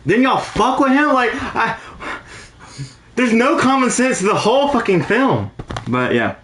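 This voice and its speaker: A man's voice: very high-pitched, sing-song, measured pace, a bit bright, roomy sound. A young man co-hosting a casual podcast, ranting animatedly and swearing freely. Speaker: podcast co-host. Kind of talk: casual chat.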